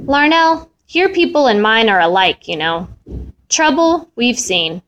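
A woman reading a storybook aloud and voicing a warm-hearted elderly immigrant widow with old-world phrasing and fond repetitions. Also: on the high side, big pitch swings, a little slow, dull audio.

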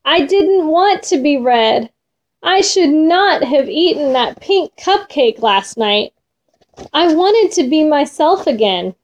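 A woman's voice: high-pitched, expressive, slow, muffled recording. A woman voicing a spoiled little girl who pleads in a whiny, sing-song way for more cupcakes. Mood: dismayed.

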